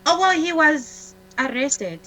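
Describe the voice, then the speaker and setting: Woman telling her story haltingly. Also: high voice, sing-song, pushed and bright, a little hiss or hum, low-quality recording. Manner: halting, with frequent restarts and repeated words; acts out the dialogue of others in her story. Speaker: guest. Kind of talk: personal storytelling on a talk show.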